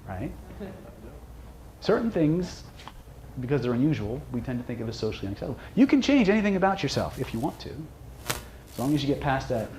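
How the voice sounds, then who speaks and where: A man's voice: medium pitch, darkish tone, slight background noise. A man giving a live seminar talk, joking with and quizzing the audience. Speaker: seminar presenter, hypnosis trainer.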